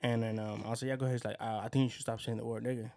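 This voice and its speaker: A man's voice: mid-range voice, little pitch movement, racing, gravelly, a little mellow. A man co-hosting a podcast, telling rambling stories in casual chat and acting out what people said. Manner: rambling storyteller, acts out quotes. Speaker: podcast co-host.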